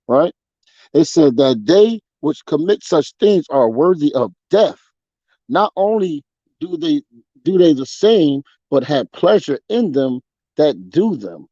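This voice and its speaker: Male study-group member, mellow and dry, lo-fi recording. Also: on the high side, sing-song, slow pace, dry recording. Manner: affirming, quotes verses. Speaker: bible study participant. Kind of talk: scripture study discussion. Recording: dry, dull lo-fi sound.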